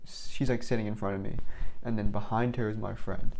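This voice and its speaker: Rambling through stories from work, the young man on this vlog leans heavily on "like" and keeps restarting his sentences. His fairly low voice holds a steady tone and brisk pace, a little mellow, with slight hiss or hum in the audio.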